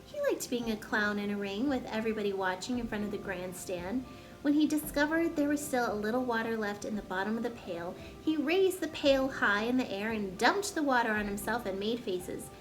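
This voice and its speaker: A woman's voice: a little high, brisk, soft background music. Woman reading a children's book aloud. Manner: gentle expressive read-aloud narration.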